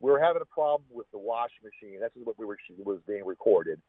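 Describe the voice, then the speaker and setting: A man with a lowish, husky voice tells a long personal story as a podcast guest, circling back and restarting his sentences. The sound is thin and phone-like, with a dry, close feel. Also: expressive, quick pace, no echo. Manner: rambling, with repeated restarts. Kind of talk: casual storytelling.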